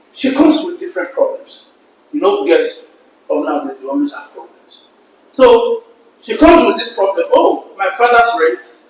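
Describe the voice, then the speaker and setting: A man on a podcast panel, arguing emphatically and telling stories with repeated words. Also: high voice. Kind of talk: casual debate. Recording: very echoey room.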